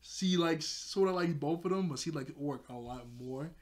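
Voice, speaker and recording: A man's voice: on the high side, normal speed. A young man casually recapping a cartoon episode, rambling with lots of fillers and frequent laughs. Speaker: video reviewer.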